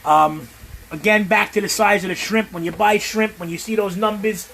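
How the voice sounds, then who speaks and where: A man's voice: sits high, steady tone, normal speed, gravelly, fairly bright tone, slight background noise. A middle-aged man, chatting casually and profanely to viewers while he cooks in his home kitchen. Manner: brash, profane, talks straight to viewers. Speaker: home cook. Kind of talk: casual cooking livestream chat.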